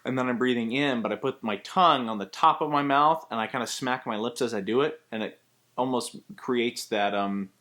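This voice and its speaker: A man who works as a voice actor, giving a casual spoken tutorial and explaining voice technique step by step in a chatty, relaxed way. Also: mid-range voice, normal speed.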